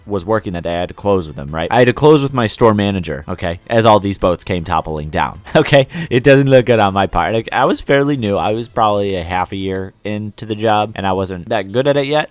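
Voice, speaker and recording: A young man telling a rambling, profane, self-mocking story in a casual vlog. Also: on the low side.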